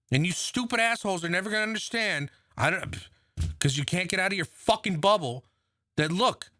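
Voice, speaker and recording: A man's voice: sits high, sharp tone, no echo, clean studio sound. A man delivering an angry, profane political rant, mocking and heated as he comments on a clip.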